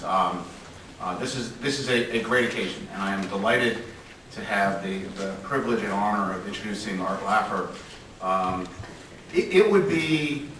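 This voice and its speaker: Man introducing a guest in an echoey hall. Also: lowish voice. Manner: hesitant, with many fillers. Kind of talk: formal introduction. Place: lecture hall. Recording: echoey hall from far off, background noise.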